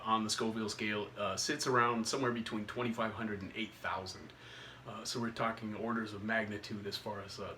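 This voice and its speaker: A man's voice: lowish voice, fairly bright tone, far from the mic, slight background noise. Hesitant man hosting a video review. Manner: halting, hesitant delivery with many pauses. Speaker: food reviewer and channel host. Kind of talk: casual video commentary.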